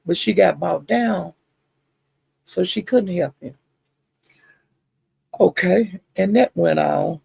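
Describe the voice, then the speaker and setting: A woman with a husky, gravelly voice tells a gossip story in a casual livestream chat. She talks in an animated, chatty way, full of asides and the odd curse word. The sound is close and dry, with no room around it. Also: lowish voice, takes it slowly, pauses often, dry recording. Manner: chatty, animated retelling with frequent asides and cussing. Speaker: livestream host.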